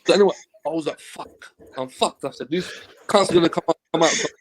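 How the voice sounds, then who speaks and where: A fairly high-pitched man speaks very fast, recounting a casual anecdote as a guest in an interview. A football agent by trade, he's an animated teller who acts out dialogue and swears without hesitation.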